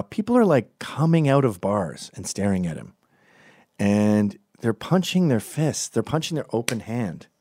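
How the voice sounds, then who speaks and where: American guy, low voice, lively up-and-down storytelling, digressive comic monologue, dry sound. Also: dry recording. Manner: rambling, digressive, deadpan asides.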